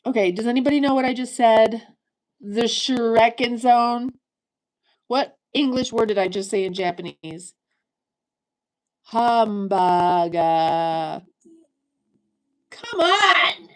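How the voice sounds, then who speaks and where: A woman's voice: fairly high pitch, moderate pace, darkish tone, rough recording. A woman in her fifties chatting on a livestream, rambling and joking as she talks straight to her viewers. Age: 50s. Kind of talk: casual livestream chat.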